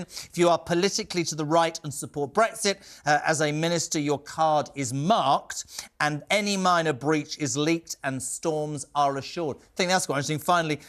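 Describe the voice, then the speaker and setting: Fast-talking male talk show host. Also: on the high side, fairly bright tone. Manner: brisk, blunt, chatty storyteller. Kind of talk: live TV panel debate.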